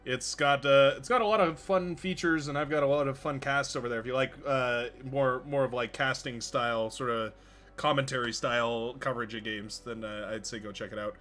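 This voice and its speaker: Young man, stream host, casual chat, laughs a lot, bright tone. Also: mid-range voice, steady tone, fairly quick. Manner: rambling, laughs often, many restarts. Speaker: stream host and game caster.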